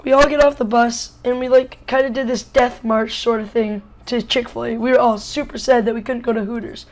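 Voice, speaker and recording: A boy in his early teens from Wisconsin tells a storytime vlog in a slightly hoarse voice. He jokes and rambles, filling his talk with "like.". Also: extremely high pitch, fairly even intonation, brisk, low-quality recording. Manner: jokey, rambling, lots of "like" fillers. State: a little hoarse. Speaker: vlogger.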